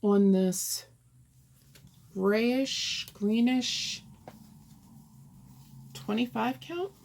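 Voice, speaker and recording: A woman's voice: on the high side, extremely slow, vocal fry, darkish tone, a little hiss or hum. A woman chatting casually as she shows her cross-stitch projects, thinking aloud and rambling as she goes. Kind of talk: casual show-and-tell.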